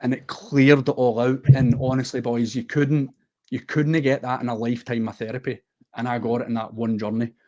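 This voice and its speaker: A man's voice: medium pitch, level tone, fairly quick, a little mellow, highs cut off. Earnest Scottish man telling his story. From west of Scotland. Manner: earnest, heartfelt, unguarded. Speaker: guest. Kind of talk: candid personal storytelling in a podcast interview.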